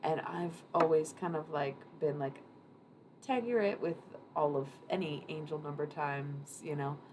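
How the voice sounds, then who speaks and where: Deep-voiced woman, chatty tarot streamer. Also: a little slow. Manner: rambling, chatty, swears casually. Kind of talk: casual live-stream card reading. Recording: noisy room ambience.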